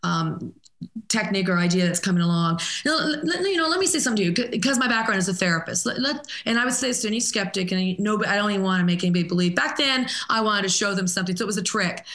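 A woman in her fifties, a therapist guest, telling a story in an animated, halting way with many restarts. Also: mid-range voice, echoey room. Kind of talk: storytelling in a podcast interview.

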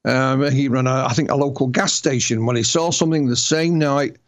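A man's voice: medium pitch, steady tone, fairly quick. A man with a Yorkshire accent, an author telling stories as a guest in an interview, often restarting his words. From Yorkshire, England. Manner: storytelling, repeats and restarts words. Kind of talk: interview conversation.

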